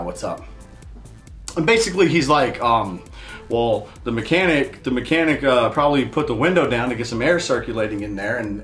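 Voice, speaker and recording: A man's voice: medium pitch, a bit bright, echoey room. A man hosting his show, telling a heated, profane story in a casual rant. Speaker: show host. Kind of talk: casual ranting monologue.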